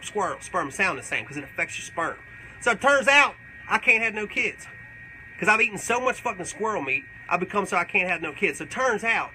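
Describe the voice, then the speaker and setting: Brief: a man as a profane old backwoods guy, rambling and boastful, voice pitched a bit high and very bright. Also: a little hiss or hum, heavily acted, low-quality recording. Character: crude rambling older backwoods man, beer-loving. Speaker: comedic character. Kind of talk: live comedic Q&A in character.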